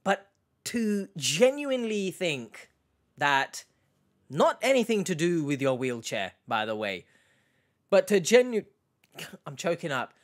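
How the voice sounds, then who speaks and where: A man with a fairly high voice talks slowly through a reaction video, chatting casually to his audience. He rambles, restarts his sentences and keeps turning to his viewers with questions. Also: big pitch swings. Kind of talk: casual commentary to camera.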